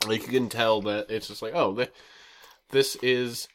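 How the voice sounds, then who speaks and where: Casting: young male co-host, lowish voice, crude jokes and laughs, light hiss in the recording. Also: steady tone, a little slow, fairly bright tone. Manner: joking, laughs a lot, crude humor. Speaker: podcast co-host. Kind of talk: casual chat while eating.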